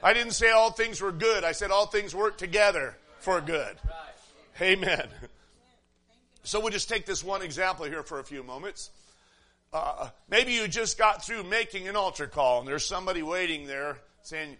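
A man preaching a sermon in an animated way, laughing often and repeating words as he goes. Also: sits high, normal speed.

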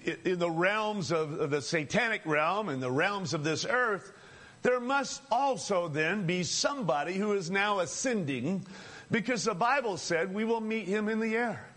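High-voiced man preaching a sermon. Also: fairly bright tone. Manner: addresses listeners as friends, repeats phrases for emphasis, chuckles between points.

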